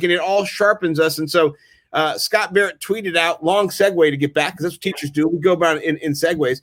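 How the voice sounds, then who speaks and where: Rambling, fast-telling male podcast host. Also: a little high, fairly even intonation, a bit bright, no room sound. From Maryland, United States. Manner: rambling storyteller, stammers on restarts. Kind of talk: casual sports chat.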